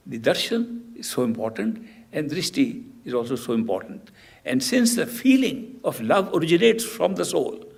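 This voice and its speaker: A man gives a patient spiritual discourse, explaining his point step by step. His voice is gravelly and husky, and sits a little high for a man. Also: darkish tone. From India. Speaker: spiritual teacher. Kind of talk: spiritual discourse answering a question.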